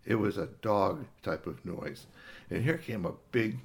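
A man's voice: fairly low pitch, a little slow, creaky. A man improvising a children's story about a cat, rambling along with fillers and little gasps.

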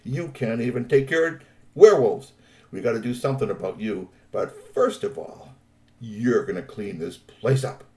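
A man's voice: medium pitch, normal speed, warm tone, close to an everyday voice. A man voicing a strict troll father in a told story, giving orders in a raised, commanding way. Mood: stern.

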